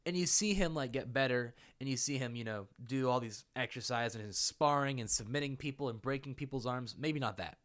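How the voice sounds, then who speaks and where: A man's voice: mid-range voice, brisk, few pauses, a bit bright. A young man talking casually and playfully in an unscripted commentary, laughing often. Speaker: YouTuber.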